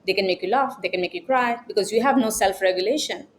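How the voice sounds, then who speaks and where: A woman's voice: mid-range voice, fast, a little hiss or hum. A woman self-help coach giving an emphatic, scolding motivational talk, repeating her points. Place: New York.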